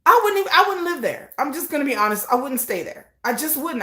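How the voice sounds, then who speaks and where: A woman from Texas hosting a casual livestream, animated and talking straight to her chat viewers. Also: high-pitched, fast talker, few pauses, echoey room. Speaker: livestream host.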